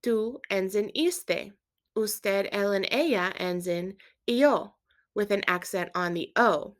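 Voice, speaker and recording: A woman teaching a Spanish grammar lesson, patiently explaining verb endings and quizzing the listener in a clear, steady way. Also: mid-range voice, takes it slowly. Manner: clear, patient instruction with quiz prompts. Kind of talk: scripted language lesson.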